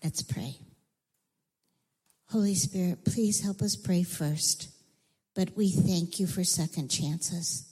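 A woman telling a Bible story to children in an animated way, acting out voices and sometimes whispering. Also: lowish voice, slow, pauses often, husky. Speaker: children's church teacher. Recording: echoey hall.

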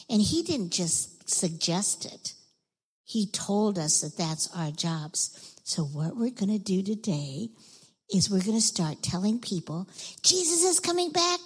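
A woman teaching children in church, speaking in a breathy, animated way and leading the group in shouted chants. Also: medium pitch, long reverb tail. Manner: animated, leads group chants in a loud call. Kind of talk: children's sermon. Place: church sanctuary.

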